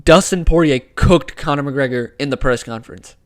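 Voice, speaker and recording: A man hosting a casual live sports talk stream, excitable and opinionated, using slang, on a wired desk microphone. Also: medium pitch, normal speed. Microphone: desk microphone with wire.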